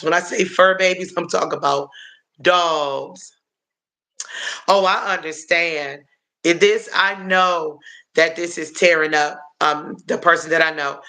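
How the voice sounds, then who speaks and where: Here a livestream host responds to his chat, his voice high and bright. He takes his time, drifting between thoughts, saying y'all to viewers and hesitating with plenty of um and uh.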